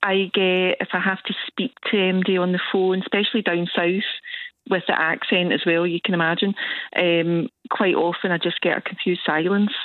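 A woman's voice: lowish voice, level tone, moderate pace, no room sound. A woman with a Scottish accent calling in to a radio show, chatty and amused. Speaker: caller. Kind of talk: phone-in chat. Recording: tinny phone line.

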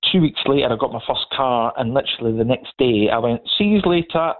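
A man's voice: mid-range voice, little pitch movement, quick pace. A middle-aged man from Scotland with a Scottish accent, telling stories in a casual, chatty way and laughing as he goes. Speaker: guest. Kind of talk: casual storytelling chat. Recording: tinny phone line.

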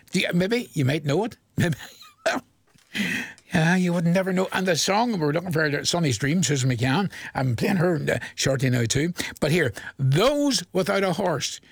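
A man's voice: sits high, vocal fry, slightly rough, dry recording. A man presenting a country music request show on the radio, chatty and rambling, laughing at his own jokes. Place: radio studio. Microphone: studio mic.

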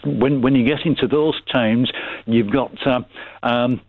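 A man's voice: mid-range voice, fairly even intonation, unhurried, no room sound. A man with a Burnley accent calling a radio phone-in, talking hesitantly with many fillers and restarts. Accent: Burnley, Lancashire. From Burnley, England. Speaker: caller. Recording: tinny phone line, dry.

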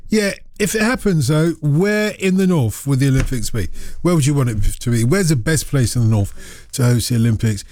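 A man from northern England hosting a radio phone-in, talking in a chatty, brisk way in a studio. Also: mid-range voice, animated, a little mellow, slight background noise. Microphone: studio microphone.

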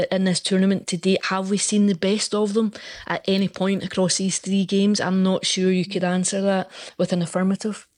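A woman giving measured football analysis on the radio, pausing and restarting as she weighs her words. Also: mid-range voice, darkish tone, dry recording, studio quality. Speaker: football pundit.

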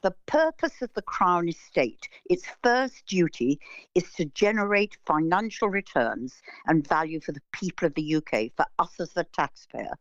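A woman's voice: on the low side, animated, moderate pace, no echo, highs cut off. A woman politician speaking firmly and with concern in an interview clip. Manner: firm, concerned.

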